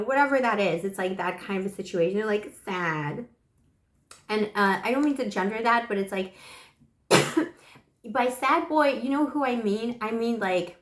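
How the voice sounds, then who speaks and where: A woman doing a casual tarot reading, chatty and affectionate with many pet names, her voice hoarse and broken by a dry cough after the flu. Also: mid-range voice, reverberant. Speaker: tarot reader.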